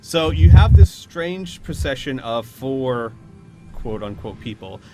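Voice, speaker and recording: A man's voice: mid-range voice, lively intonation, takes it slowly, over music. A man narrating scenes and explaining rules as the game master of a tabletop role-playing game, in a chatty, descriptive way.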